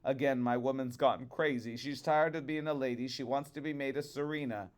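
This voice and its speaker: A man voicing a humble, timid old fisherman who pleads in a hurried way in a storybook reading. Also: medium pitch, fairly even intonation, clean tone, natural voice. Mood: pleading.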